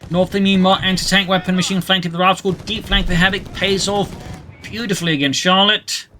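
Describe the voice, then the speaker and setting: A man's voice: high voice, little pitch movement, fairly quick, a bit bright. A man commenting a strategy game replay play by play, adding history asides. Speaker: game caster. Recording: game sounds and engine noise behind the voice. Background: in-game battle sounds and vehicles.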